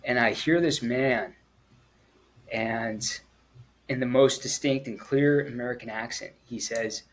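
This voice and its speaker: A man, a former Marine, telling his story in an interview in a halting, earnest way, with frequent pauses and restarts. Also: medium pitch, rough recording. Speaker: guest, former Marine at the Kabul airport evacuation.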